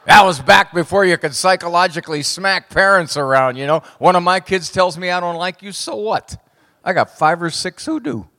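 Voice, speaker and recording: A middle-aged man, a psychologist, giving a humorous speech to a live audience with wry, punchy, deadpan jokes. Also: high voice, moderate pace. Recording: long hall reverb.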